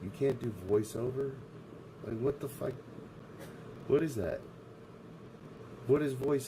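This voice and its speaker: A man's voice: medium pitch, creaky, background noise. A man streaming live, ranting in a profane, abrasive way. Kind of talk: casual livestream rant.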